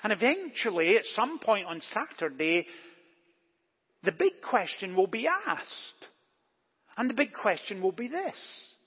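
A man preaching a sermon as pastor in a church, deliberate and emphatic, posing rhetorical questions. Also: sits high, sing-song, slightly rough. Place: church during service. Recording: echoey church, long reverb, dull lo-fi.

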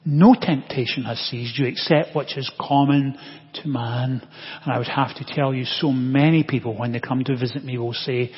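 Male pastor, slightly high voice, unhurried sermon delivery, long church echo. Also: breathy edge. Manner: slow, deliberate preaching with long pauses, dropping to a hush. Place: church sanctuary. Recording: dull lo-fi audio with long church reverb.

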